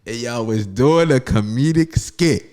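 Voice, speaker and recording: A man's voice: medium pitch, a little slow, dark tone. A man hosting a podcast, asking his guest questions in laid-back, teasing casual chat. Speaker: podcast host.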